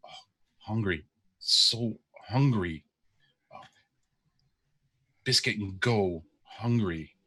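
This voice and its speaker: A man puts on a tiny, frightened podling creature from a tabletop game, muttering slow, broken words under its breath. The voice sits low and deep, and the recording is dry and close, with no room sound. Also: pushed and bright, breathy edge, no echo, heavily acted. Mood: mumbling, hungry.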